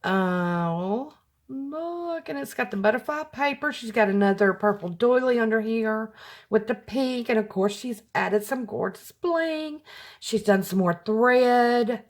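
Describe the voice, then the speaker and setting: A middle-aged woman chatting through a craft mail unboxing, gushing, her voice jumping up high when she gets excited. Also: a little slow. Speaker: craft vlogger. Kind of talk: casual unboxing chat.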